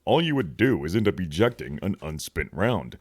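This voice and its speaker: A man's voice: deep voice, big pitch swings, normal speed, slightly rough, no echo, clean studio sound. A man in casual chat, matter-of-fact and explanatory.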